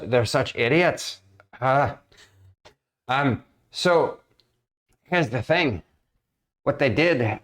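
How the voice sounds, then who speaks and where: A man doing a fretful guild master in a tabletop game, his voice pushed a bit higher than the man's own and a touch louder. He rambles and stammers through his worries, circling back on himself. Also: natural voice. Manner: stammering, fretful, long-winded.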